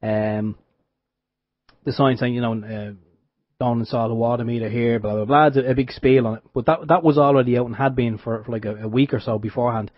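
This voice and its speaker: A man's voice: medium pitch, steady tone, a little fast, no room sound. An Irish man co-hosting a radio show, telling a wry story in casual chat with frequent restarts. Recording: dull dry radio sound.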